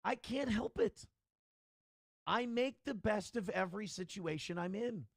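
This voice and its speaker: A man telling a story in an animated, indignant way as a guest on a casual podcast. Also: high-pitched, a little slow, gravelly, dry recording, clean studio sound.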